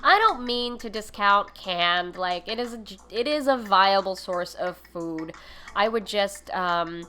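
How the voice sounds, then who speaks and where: Hosting a casual, educational cooking livestream, this woman has an animated, sharp-toned, mid-range voice and a measured pace. She peppers her explanations with fillers and giggly asides.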